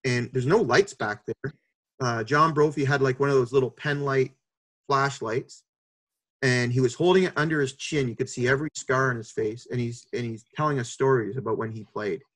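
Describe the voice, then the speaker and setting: Man in his fifties telling lively stories. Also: medium pitch, normal speed. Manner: lively storyteller who acts out the people he quotes. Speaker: podcast guest, hockey executive. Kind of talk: storytelling.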